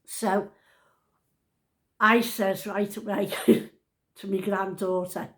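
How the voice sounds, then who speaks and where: A woman's voice: medium pitch, flat delivery, slow pace, a bit bright. An older woman with a Liverpool accent, telling a family story in a chatty, rambling, homely way. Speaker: vlogger. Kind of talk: casual storytelling.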